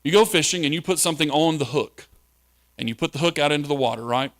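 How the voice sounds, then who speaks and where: A man's voice: fairly high pitch, quick pace, a bit bright. A male pastor preaching a sermon in a conversational way, asking the listeners questions.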